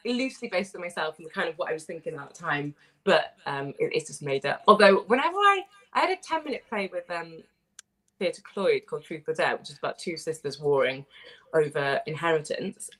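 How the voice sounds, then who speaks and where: A woman in her thirties from Wales, a playwright chatting on a radio show, telling stories with bubbly, animated quoting. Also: deep voice, moderate pace. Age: 30s. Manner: bubbly, animated storytelling with quoted voices. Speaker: playwright guest. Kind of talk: casual radio interview.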